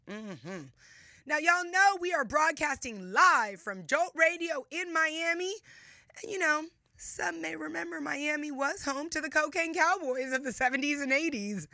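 A woman's voice: high voice, bright, forceful tone, dry recording, clean studio sound. A woman hosting a live radio talk show, playful and emphatic, laughing often and stretching words for effect.

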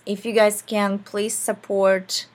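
A woman talks loosely to her viewers, stringing thoughts together with a steady stream of fillers. Her voice has an ordinary pitch for a woman, and the delivery is relaxed and unscripted. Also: slow pace. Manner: rambling, heavy on fillers. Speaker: vlogger. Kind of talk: casual talk to camera.

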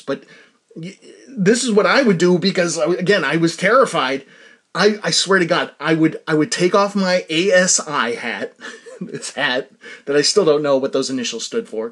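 Animated man telling a rambling story. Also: mid-range voice. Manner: rambling, self-deprecating, laughs often. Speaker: podcast host. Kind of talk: casual storytelling monologue.

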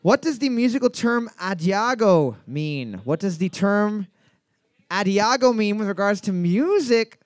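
A man hosting a bar trivia night, joking crudely between slowly read questions. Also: high-pitched, lively intonation, smooth, dry recording, studio quality. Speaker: trivia night quiz host.

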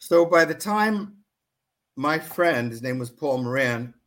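A man who writes books, earnestly telling a story as an interview guest and pausing often to find his words. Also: fairly high pitch, lively intonation, fairly bright tone.

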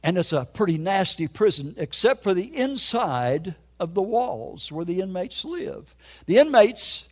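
A man's voice: sits high, sing-song, measured pace. An older man preaching his testimony in an emphatic, folksy storytelling way. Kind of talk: sermon testimony.

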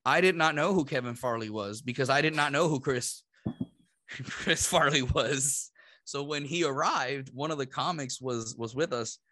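A man in his thirties from Puerto Rico, telling an animated story on a podcast, laughing and acting out what people said. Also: medium pitch, a little slow, no room sound. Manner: animated, laughing, acts out quotes. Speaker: podcast host. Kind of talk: casual storytelling.

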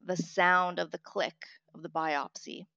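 Woman in her 30s, guest telling her story, lowish voice, talks on and on with restarts, dry dull lo-fi sound. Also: fairly even intonation, unhurried, gravelly, bright, forceful tone, no room sound. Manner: candid, heartfelt, talkative with restarts. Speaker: interview guest, author. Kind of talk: personal story in an interview.

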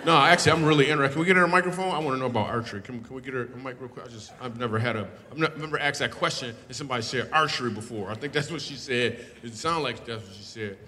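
Rapid-fire and barely pausing, a stand-up comedian delivers crowd work in a bright, forceful, medium-pitched voice. He teases the crowd playfully and laughs a lot, speaking into a handheld microphone. The live comedy show takes place in an echoing hall, with faint laughter from the audience.

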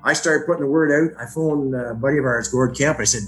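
A man's voice: medium pitch, fast, roomy sound, faint music behind. A man bluntly retelling events in an interview, swearing and acting out the dialogue he quotes. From Ontario, Canada. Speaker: brother of a missing woman, interviewee. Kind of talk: storytelling interview.

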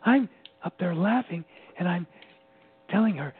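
A man giving an animated, personal account as an interview guest, often laughing as he tells it. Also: sits high, measured pace, breathy edge. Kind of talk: personal storytelling. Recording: tinny phone-line sound with faint hum.

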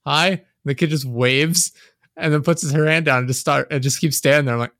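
A man's voice: on the high side, fairly even intonation, brisk, fairly bright tone, no room sound, studio quality. A young man chatting casually as a podcast host, telling long rambling stories, swearing a lot and laughing often. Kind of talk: casual chat.

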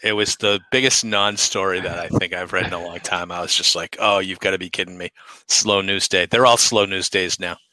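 A man with a Boston accent co-hosting a casual chat, wry and quick to laugh, with exasperated asides. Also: sits low, fairly even intonation, sharp tone, poor audio. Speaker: podcast co-host.

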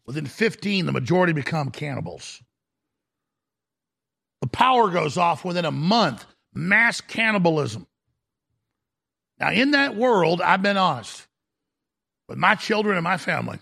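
Man, talk-show rant, aggressive and shouting, high gravelly raspy voice. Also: sing-song, unhurried, long pauses. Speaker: radio talk show host. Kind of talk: ranting talk-show monologue.

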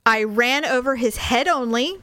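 Woman in her forties, casual storyteller, smooth clear tone, dry close sound, dramatic retelling. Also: fairly high pitch, normal speed, no echo. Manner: animated, dramatic retelling with quoted dialogue.

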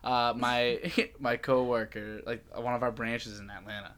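A man's voice: mid-range voice, level tone, normal speed, fairly bright tone. Man, from New England, host, casual chat, rambling, jokey. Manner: rambling, joking, trails off mid-sentence.

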